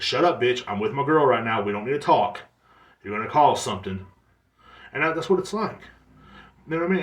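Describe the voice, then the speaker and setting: A man hosting his own podcast, ranting in a profane, exasperated comedic monologue with quick mimicked asides. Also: medium pitch, reverberant. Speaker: podcast host. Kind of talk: solo comedic rant.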